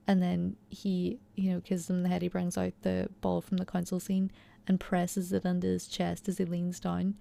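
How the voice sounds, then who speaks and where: Here a young woman breaks down a TV episode in easygoing recap-and-commentary style, excited and talkative, peppering it with "you know" and "like." The voice is lowish, gravelly and dark, fairly quick, and delivered completely flat.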